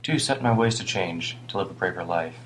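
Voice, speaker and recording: A worn-down older homeless man with a British accent, voiced by a male audiobook reader. He rambles ruefully and heaps blame on himself in a low, deep voice, sometimes muttering. A faint hum lingers behind him. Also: a little fast, natural voice, poor audio.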